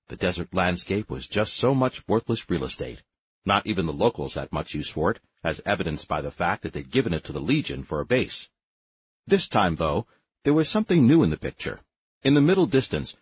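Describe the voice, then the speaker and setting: A man reading a sci-fi audiobook as narrator, measured storytelling with wry asides. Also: low voice, breathy edge, no echo, highs cut off. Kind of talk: scripted narration.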